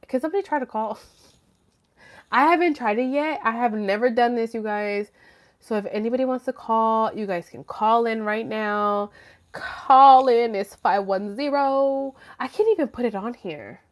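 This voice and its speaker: Chatty woman hosting a live stream. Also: fairly high pitch. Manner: chatty, rambling, swears freely. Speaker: livestream host. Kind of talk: casual livestream chat. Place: at home.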